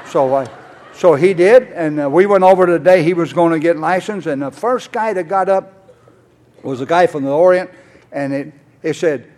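A man's voice: on the high side, moderate pace, a little mellow. An older man speaking at a conference, telling a rambling, folksy personal testimony full of "uh"s and acted-out conversations. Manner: rambling, folksy, many "uh"s, acts out both sides of conversations. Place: conference hall.

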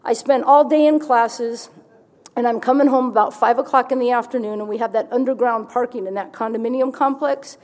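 A woman's voice: on the high side, steady tone, brisk, darkish tone. A woman giving a candid personal testimony at a recovery meeting, telling her story vividly with wry humor.

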